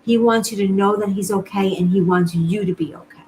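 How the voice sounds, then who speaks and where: Earnest woman medium, soft hiss behind. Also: medium pitch, fairly even intonation, brisk, rough recording. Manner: earnest, reassuring, repeats phrases. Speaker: psychic medium. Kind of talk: live-streamed reading, casual talk to viewers.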